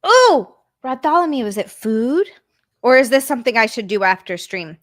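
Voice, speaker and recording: Excitable high-voiced woman streamer. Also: a little fast, no room sound, clean studio sound. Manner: excitable, reads chat aloud, gushing thanks. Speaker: streamer host. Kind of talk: casual live-stream chat.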